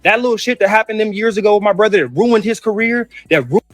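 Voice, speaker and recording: A man's voice: high-pitched, fast talker, no echo. A man ranting with heat about his mother, cursing and repeating himself, over faint music. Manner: heated, profane, repeats himself. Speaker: brother in a family feud clip. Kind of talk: emotional rant.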